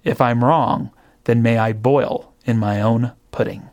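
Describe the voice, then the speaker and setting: A man's voice: mid-range voice, steady tone, a little slow, a little mellow. A man giving reflective spiritual commentary in a thoughtful way, often asking rhetorical questions. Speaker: narrator.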